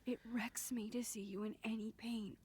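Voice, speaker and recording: An actress voicing a shy, earnest teenage girl in a video game, soft-spoken and hesitant, with a breathy voice. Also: fairly high pitch, fairly even intonation, normal speed. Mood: anguished.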